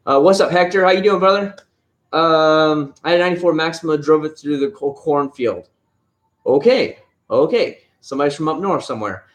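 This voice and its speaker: A man's voice: a little high, a little fast. A man hosting a casual live stream from home, rambling easily about cars and answering viewer chat one comment at a time. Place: at home, family nearby. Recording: roomy echo.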